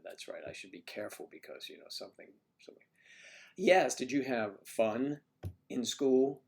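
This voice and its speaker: Gravelly-voiced man chatting on a livestream. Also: fairly low pitch. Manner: chatty, teasing, mutters asides to himself. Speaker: livestream host reading viewer comments. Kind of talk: casual livestream chat.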